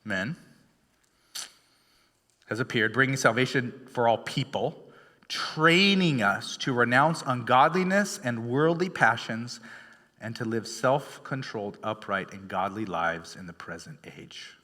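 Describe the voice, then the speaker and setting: Man, pastor, casual storytelling sermon, filler words, bright tone, echoing sanctuary. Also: mid-range voice, animated, a little slow. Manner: conversational storytelling with many fillers and restarts. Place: church sanctuary. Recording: long hall reverb.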